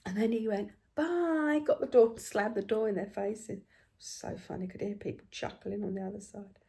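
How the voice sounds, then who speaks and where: An older woman, chatting casually about family while she stitches at home, telling stories with lively swings and quiet hushed asides. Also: mid-range voice, moderate pace, creaky. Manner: chatty, animated storytelling, dropping to hushed asides. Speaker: craft vlogger.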